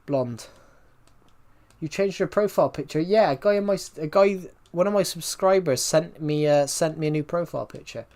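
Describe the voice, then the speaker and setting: A man's voice: a little high, normal speed, a little mellow. A man streaming a game live, talking to his chat in a rambling way and repeating himself as he answers viewers' questions. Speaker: livestreamer.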